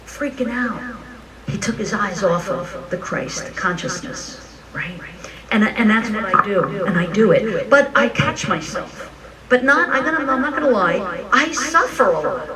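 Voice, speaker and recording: Animated preacher, distant mic, crowd noise. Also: mid-range voice. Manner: animated storytelling, frank and joking. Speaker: minister. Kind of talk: conversational sermon. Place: church or spiritual center, live service.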